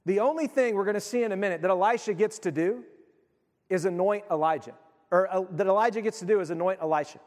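Guy preaching a sermon, kinda high voice, chatty and animated, church hall echo. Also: quick pace. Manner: conversational, animated preaching with frequent restarts. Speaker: pastor.

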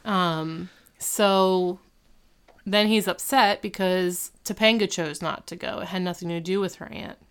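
Female co-host, casual recap, lower register, clean resonant tone. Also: fairly even intonation, unhurried, fairly bright tone, clean tone. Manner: chatty storytelling with many fillers. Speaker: podcast co-host.

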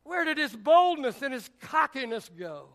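A male pastor preaching a sermon with passion, often raising his voice to a shout. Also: extremely high pitch, big pitch swings, moderate pace.

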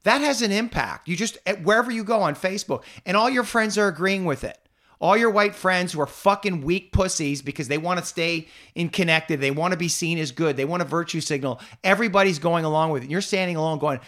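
Angry, profane man, bright voice. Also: a little high, a little fast. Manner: angry, swears constantly, repeats himself. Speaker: podcast host. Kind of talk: heated conversational rant.

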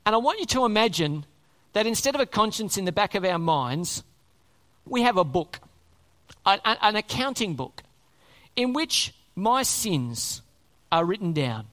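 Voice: medium pitch, big pitch swings, measured pace, long pauses, a bit bright. A preacher delivering a sermon, speaking emphatically, repeating key words and asking many rhetorical questions.

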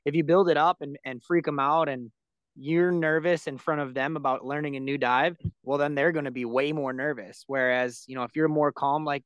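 A man's voice: on the high side, fairly even intonation, normal speed, clean tone, no room sound. A man co-hosting a podcast, thoughtfully asking long, winding questions. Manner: thoughtful, asks rambling questions. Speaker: podcast co-host. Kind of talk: podcast interview.

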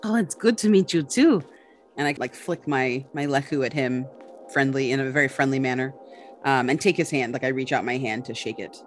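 Player describing actions, lots of likes and uhs, mid pitch, soft music. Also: flat delivery, fairly quick. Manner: hesitant, filler-heavy, reflective. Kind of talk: describing actions in a tabletop game.

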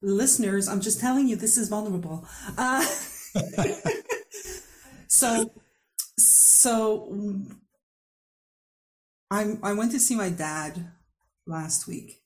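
A woman's voice: mid-range voice, takes it slowly, pauses often. A woman hosting a podcast interview, telling a personal story openly, often laughing as she speaks. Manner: open, laughing, animated storytelling. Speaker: podcast host. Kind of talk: candid conversational interview.

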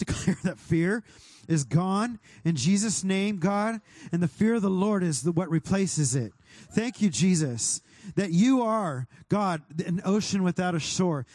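A pastor leading a fervent prayer over his congregation, speaking directly to God and sometimes rising to a shout. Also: high voice, dry recording, studio quality. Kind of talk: sermon prayer.

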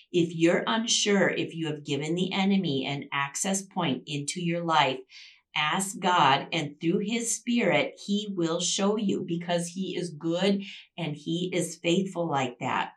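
Woman host, devotional teacher: low, unhurried, emphatic, repeats herself, mic set back. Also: far from the mic. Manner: emphatic, repeats key phrases for stress. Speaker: Christian devotional podcast host.

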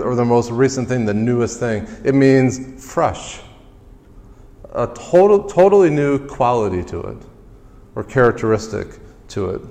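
A man preaching a sermon as pastor, emphatic, climbing louder on key phrases and then dropping low. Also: in a large hall.

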